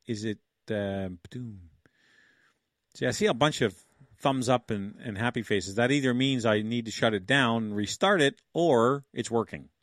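An older man in his sixties hosts a livestream in a loose, rambling way, often chuckling and talking through what he is doing. His voice sits at an ordinary middle pitch, and the sound is close and dry with no room echo. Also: normal speed, fairly bright tone. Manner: rambling, chuckling, thinks aloud. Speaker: livestream host. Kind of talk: casual livestream chat.

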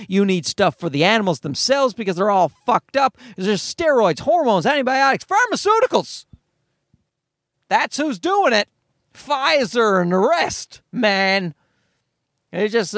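A man's voice: high voice, a bit bright, no echo, studio quality. A man hosting a podcast, rambling through a profane comedic monologue with bursts of mocking put-on voices. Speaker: podcast host.

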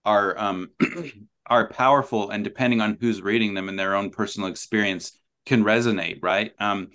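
A man as a podcast guest, explaining his ideas thoughtfully with many pauses, ums and restarts. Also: on the low side, fairly even intonation, fairly bright tone. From New Zealand. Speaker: author and guest. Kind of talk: conversational podcast interview.

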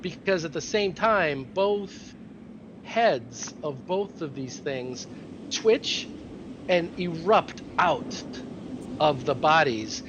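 A man's voice: a little high, lively intonation, slow pace, muffled recording, noisy background. A man narrating a tabletop game as game master, describing scenes loosely with fillers.

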